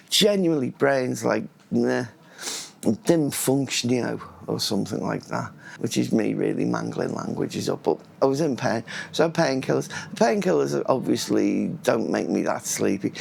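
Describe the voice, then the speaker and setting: A man's voice: mid-range voice, a little mellow. A man vlogging in a casual, rambling monologue, often losing his thread and restarting words. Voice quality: gravelly and husky.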